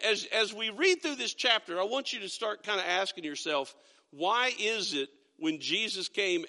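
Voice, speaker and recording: A middle-aged man preaching a sermon, reading scripture slowly and emphatically, stumbling over restarts. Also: high-pitched, bright, forceful tone, long reverb tail. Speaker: pastor. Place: church sanctuary.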